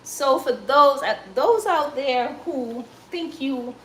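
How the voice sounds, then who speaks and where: Jamaican woman, live-stream host, unhurried chatty talk, echoey room with faint background hum. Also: high voice. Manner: chatty, encouraging, addresses viewers as guys. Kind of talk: casual live-stream chat while cooking.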